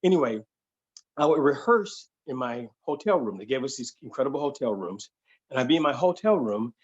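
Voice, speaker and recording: A man telling a funny true story to an audience, animated and conversational, slipping into voices. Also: mid-range voice, a little fast, slightly rough, highs cut off. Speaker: solo performer and storyteller. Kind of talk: comedic live-streamed storytelling.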